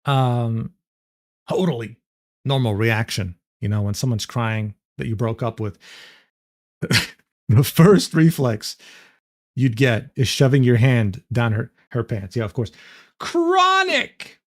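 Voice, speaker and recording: A man's voice: mid-range voice, measured pace, darkish tone. A young man reacting to a clip on stream, incredulous and swearing, breaking into laughter often. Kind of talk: casual reaction commentary.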